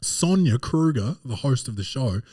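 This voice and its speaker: A man's voice: medium pitch, lively intonation, normal speed, warm tone, husky, no room sound, clean studio sound. A man with an Australian accent, hosting a podcast and telling a rambling, slangy, digressive story as comedic review. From Adelaide, Australia. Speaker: podcast host.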